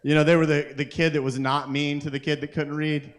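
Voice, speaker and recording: A man's voice: a little high, level tone, fairly quick. A man hosting a live open mic, doing rambling, self-interrupting crude stand-up to the crowd at a kava bar. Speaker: comedian and open mic host.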